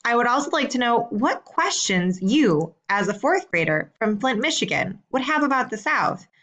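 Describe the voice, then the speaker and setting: A woman teacher reading out homework questions in a slow, clear, deliberate way. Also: fairly high pitch, very animated, fairly bright tone. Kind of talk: recorded assignment instructions.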